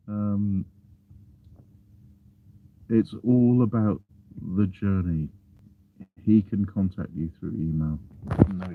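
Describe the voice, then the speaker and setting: A man's voice: fairly low pitch, mellow, a little hiss or hum. A man from England, chatting casually on a live stream and reading out viewer comments with self-deprecating chuckles. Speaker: vlogger reading live chat.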